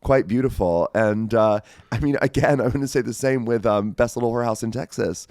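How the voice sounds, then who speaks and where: A man's voice: mid-range voice, fairly quick, darkish tone, no echo, studio quality. A man appearing as a guest on a podcast, talking in an enthusiastic, rambling way. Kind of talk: casual chat.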